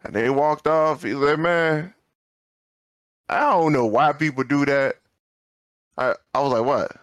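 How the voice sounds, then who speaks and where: Animated man telling a story on a podcast. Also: fairly high pitch, a little slow, dry recording. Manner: animated storyteller, acts out quoted dialogue, repeats words when fired up. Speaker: podcast co-host. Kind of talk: casual storytelling chat.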